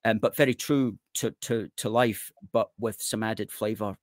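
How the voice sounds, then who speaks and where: A man's voice: on the low side, steady tone, no echo, clean studio sound. A middle-aged man from Scotland hosting an online show, plugging a guest's book and reading out viewer comments. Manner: reads out viewer comments, brisk wrap-ups. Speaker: host.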